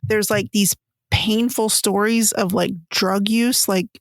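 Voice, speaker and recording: A woman hosting a podcast in casual chat, animated, acting out her own reactions as she talks. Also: medium pitch, slow pace, no echo, clean studio sound. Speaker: podcast host.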